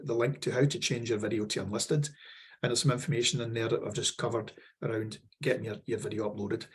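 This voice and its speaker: A man's voice: mid-range voice, a little mellow, slightly rough. A man with a Scottish accent presenting a workshop, rambling with fillers and repeated words, losing his voice. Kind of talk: webinar walkthrough.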